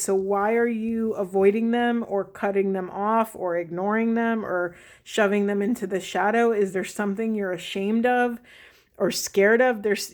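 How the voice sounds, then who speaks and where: Woman, mid-pitched, solo tarot reader, reflective and halting, restarts often. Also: a little mellow. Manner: thinking aloud, halting restarts. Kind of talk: spiritual card reading.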